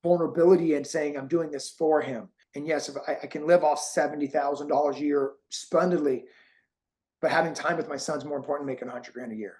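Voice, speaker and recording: An emotional, encouraging man hosting an interview. His voice sits a little high, and he talks with warmth and feeling. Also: steady tone, fast talker. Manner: heartfelt, encouraging, gets emotional. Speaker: host and course creator.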